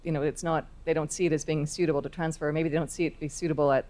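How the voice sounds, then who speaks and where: A woman in the audience with a very low, dark voice. She works through her idea out loud and leans on "you know" as she goes. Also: little pitch movement, rapid-fire. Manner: thinking aloud, "you know" fillers. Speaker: audience member.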